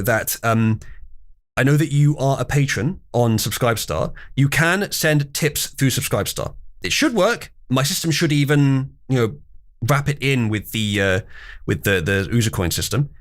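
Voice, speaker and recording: A man talks casually to his livestream audience, his pitch rising and falling in a lively, animated way. He rambles, restarts his sentences and throws in wry asides. His voice sits in a middle register. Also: normal speed. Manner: rambling, self-correcting, wry asides to chat. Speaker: livestream host.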